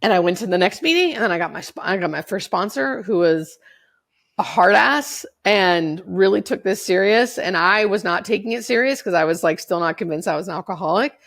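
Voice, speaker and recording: Woman in her 40s, podcast guest, candid storyteller, swears freely, a bit of vocal fry. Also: medium pitch, expressive, fairly quick, fairly bright tone. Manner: candid, swears freely, acts out what others said. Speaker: podcast guest, hospice nurse.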